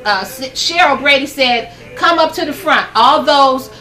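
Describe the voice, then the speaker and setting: A woman's voice: sits high, unhurried, bright, forceful tone, roomy sound, distant mic, faint music behind. An older woman hosting a gospel program from her home, giving a fervent, preachy devotional talk to camera and laughing often.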